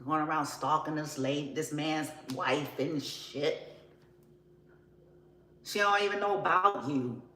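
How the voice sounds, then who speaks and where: A woman's voice: deep voice, slow pace, long pauses, fairly bright tone, roomy sound, a little hiss or hum, rough recording. A woman giving a casual tarot reading, blunt and profane, often laughing as she talks. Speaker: tarot reader.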